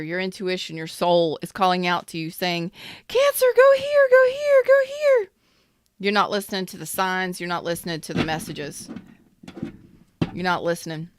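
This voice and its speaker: A woman's voice: medium pitch, fairly bright tone, a little hiss or hum. A woman giving a casual live-streamed tarot reading, talking bluntly, swearing now and then and greeting viewers by name. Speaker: tarot reader.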